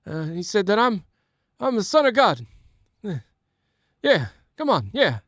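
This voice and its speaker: Man doing a folksy, mumbling elderly politician, raised pitch, rambling, dry close mic. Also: sing-song, a little slow, dry recording, full character voice. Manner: stumbling, trailing off, repeated "come on" and "folks".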